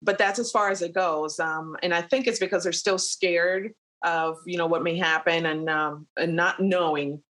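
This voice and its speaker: A woman airline captain, a podcast guest, telling a personal story in a relaxed conversational way with many fillers. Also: on the low side, normal speed, few pauses. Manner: animated retelling with frequent fillers and laughs.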